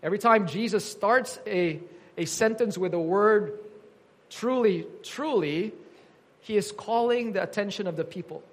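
A man's voice: high-pitched, moderate pace. A man preaching an earnest teaching sermon, quoting scripture with emphasis.

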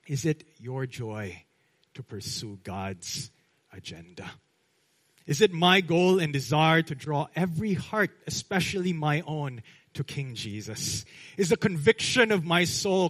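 A man with a Filipino accent preaching a sermon as pastor, pressing hard on key words, then letting phrases trail off softly and checking in with "right?". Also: fairly high pitch, rough recording.

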